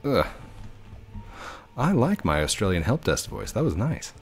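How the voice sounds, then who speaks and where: Male gaming channel host, excitable game commentary, low voice, faint music behind. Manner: excitable, rushed, joking.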